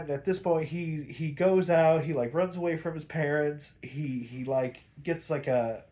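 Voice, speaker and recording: A man's voice: fairly high pitch, darkish tone. A sniffly man casually retelling and reviewing a cartoon episode, rambling, swearing and laughing as he goes.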